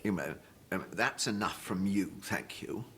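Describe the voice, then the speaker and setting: A man's voice: low voice, measured pace, sharp tone, slight background noise. A man, speaking in a posh, playful, exaggerated way in a documentary interview.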